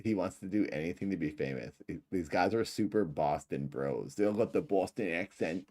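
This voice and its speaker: A man's voice: low-pitched, brisk. A man in his thirties hosting a casual livestream, reacting to an old video and laughing at himself. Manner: animated, laughs often at himself. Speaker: livestream host.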